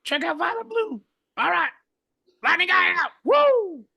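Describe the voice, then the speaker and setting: A man voicing a rowdy male party guy who phones in, hoarse from screaming and shouting every line. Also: extremely high pitch, sing-song, a little slow, a loud crowd, heavily acted. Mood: hyped. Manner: shouting, hyped, raspy.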